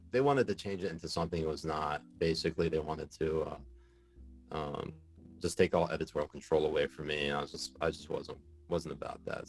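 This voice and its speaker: A man with a very deep voice tells stories casually as a podcast guest. He is animated and laughs easily, with plenty of fillers. Faint music plays underneath. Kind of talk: casual storytelling in a podcast interview.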